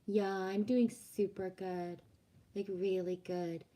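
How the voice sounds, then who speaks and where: Woman streamer from Quebec, French her first language, casual rambling chat with viewers, laughs easily, mid-pitched voice. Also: level tone, slow pace, mellow. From Quebec, Canada. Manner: chatty and rambling, frequent laughter and restarts. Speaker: livestream host. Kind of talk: casual livestream chat, reading out viewer comments.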